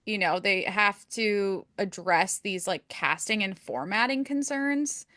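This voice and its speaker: Bright-voiced woman chatting casually. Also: medium pitch, slow pace, no echo. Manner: chatty, hedging with frequent "like". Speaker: podcast co-host. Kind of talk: casual chat.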